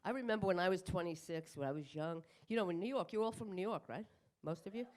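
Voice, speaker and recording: A woman's voice: fairly low pitch, quick pace, darkish tone. Brash, profane older woman comic. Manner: brash, profane, self-mocking punchlines. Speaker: stand-up comedian. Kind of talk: stand-up comedy set. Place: comedy club stage in front of a live audience.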